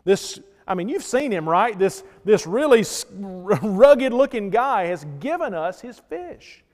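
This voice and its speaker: A man preaching a sermon as pastor, telling stories and swinging between loud emphatic lines and hushed ones. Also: sits high, big pitch swings, a little slow, long reverb tail.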